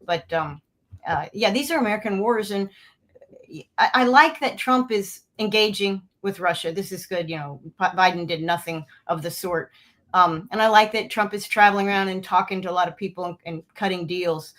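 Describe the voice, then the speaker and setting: A woman's voice: mid-range voice, normal speed, fairly bright tone. A woman who is a retired military officer, answering interview questions earnestly and with many hesitations.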